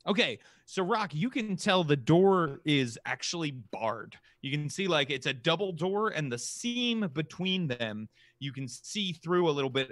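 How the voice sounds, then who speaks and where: A man's voice: mid-range voice, a bit bright, dry recording. A man running a tabletop game as game master, narrating the action casually with many fillers.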